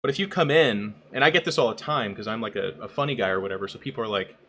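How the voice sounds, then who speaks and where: A man's voice: mid-range voice, quick pace, slight background noise. A man co-hosting a casual chat podcast, talking bluntly with lots of swearing and acting out quoted people. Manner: blunt, profane, animated, acts out quotes in raised voice. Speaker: podcast co-host and streamer.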